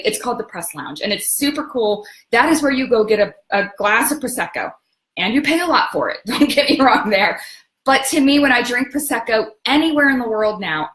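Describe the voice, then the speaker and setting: A fairly high-pitched woman talks in a loose, rambling way and keeps stopping to hunt for the right word. She is chatting casually with her viewers about travel as the host of the segment. Her voice carries a noticeable roomy echo. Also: a bit bright. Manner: chatty and rambling, often searching for words. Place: home in Atlanta.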